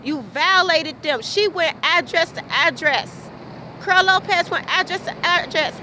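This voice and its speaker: A woman's voice: extremely high pitch, a little slow, sharp tone, slight background noise, low-quality recording. A woman recording an emotional personal monologue, talking with passion and repeating herself, asking question after question. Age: adult. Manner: impassioned, repetitive, rhetorical questions. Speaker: vlogger.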